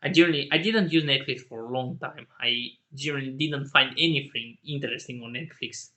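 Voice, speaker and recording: A man in a casual solo rant who laughs often, swears, and jumps to indignant shouting. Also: medium pitch, brisk. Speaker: channel host.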